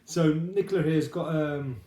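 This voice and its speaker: A man's voice: fairly high pitch, a little slow, mellow, a little hiss or hum. A man hosting a casual interview, chatty and joking with his guest. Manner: chatty, joking, laughs often. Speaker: host. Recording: echoey room.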